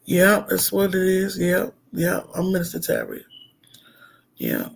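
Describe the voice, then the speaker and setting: A man's voice: sits high, wildly swooping pitch, a little slow, vocal fry, slight background noise. A middle-aged man, a minister, talking heartfelt and rambling on a casual livestream, with lots of fillers.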